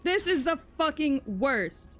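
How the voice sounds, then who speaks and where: A woman's voice: high-pitched, sing-song, slow, a bit bright, faint music behind. A young woman streaming live, chatting casually while she plays. She sounds exasperated, swearing and blurting out frustrated outbursts.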